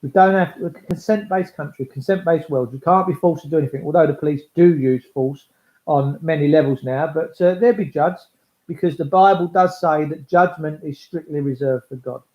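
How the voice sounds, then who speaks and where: A man's voice: a little high, moderate pace. Blunt, swearing man in an echoey room. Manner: coarse, blunt, swears freely, acts out voices. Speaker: speaker addressing listeners. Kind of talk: rambling monologue. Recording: echoey, dull lo-fi recording.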